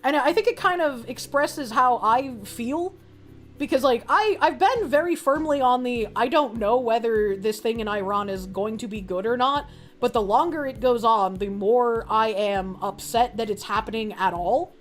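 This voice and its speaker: A woman with a high voice delivers blunt, sarcastic commentary in casual profane speech. Quiet music sits faintly under her talk. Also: moderate pace. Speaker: commentary host.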